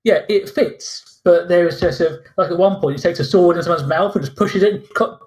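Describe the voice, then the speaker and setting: Exasperated man ranting, fairly high voice. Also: quick pace, a little mellow. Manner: exasperated, mocking, acts out sarcastic reactions. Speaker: podcast co-host. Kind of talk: casual ranting film review.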